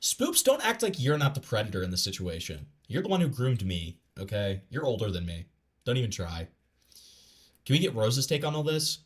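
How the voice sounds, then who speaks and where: A man's voice: medium pitch, big pitch swings, moderate pace. A man streaming a casual reaction, rambling with lots of fillers and stammered restarts, blunt and profane. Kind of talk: casual live reaction commentary.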